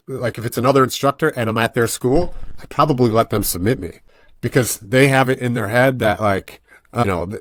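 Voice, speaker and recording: A man's voice: mid-range voice, no room sound, studio quality. A man being interviewed on a podcast, a jiu-jitsu coach talking casually and acting out voices in his stories. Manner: animated storytelling, acts out quoted voices.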